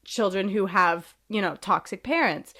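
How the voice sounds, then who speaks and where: Woman, podcast co-host, unhurried speech, mid-pitched voice, rambling casual chat, sarcastic asides. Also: pushed and bright.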